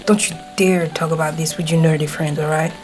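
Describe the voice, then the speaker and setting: A woman's voice: sits low, flat delivery, a little fast, a little mellow, faint music behind, natural voice, low-quality recording. A woman playing a brash tsundere teen boy. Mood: grumpy. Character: gruff hot-tempered teenage boy classmate. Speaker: voice actor. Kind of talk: audio role-play to the listener.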